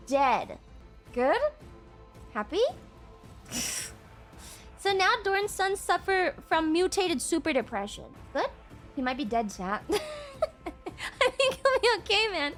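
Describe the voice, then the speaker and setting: Young woman streamer with a really high voice, swings all over, laughs and swears a lot, talks kinda slow. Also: fairly bright tone. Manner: highly emotive, laughs often, swears freely. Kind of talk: casual live-stream chat.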